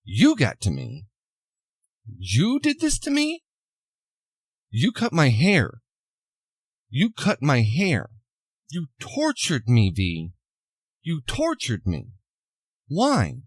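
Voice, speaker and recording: A man's voice: medium pitch, big pitch swings, a little slow, no room sound. A man doing a distraught young woman.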